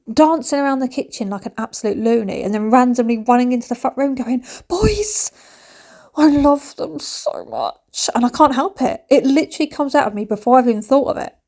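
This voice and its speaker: A woman's voice: on the high side, quick pace, mellow. A woman, chatting animatedly in a home cleaning vlog, dropping to whispers and rising to squeals. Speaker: vlogger. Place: family home.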